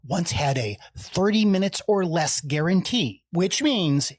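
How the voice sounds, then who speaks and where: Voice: mid-range voice, expressive, unhurried, slightly rough, dry recording, clean studio sound. A narrator telling a story in a wry, incredulous voice-over.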